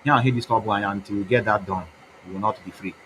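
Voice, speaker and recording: A man's voice: fairly low pitch, fairly even intonation, fast talker, a bit bright, husky, poor audio. A man with an Igbo Nigerian accent giving a rambling campaign talk, mixing English with Igbo in a preachy, mocking way. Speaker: activist campaigner.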